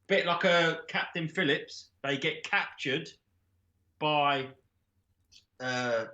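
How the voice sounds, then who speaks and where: A man's voice: fairly high pitch, slow pace, pushed and bright, roomy sound, muffled recording. A man, a comedian guest, rambling through an improvised comic story with swearing. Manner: rambling, swearing, laughing a lot.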